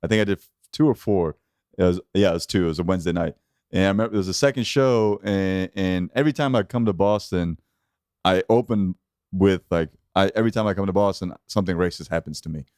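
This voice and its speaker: Low-voiced comedian guest, reflective man. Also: fast, a little mellow, clear, resonant tone, no room sound, studio quality. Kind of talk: casual podcast chat.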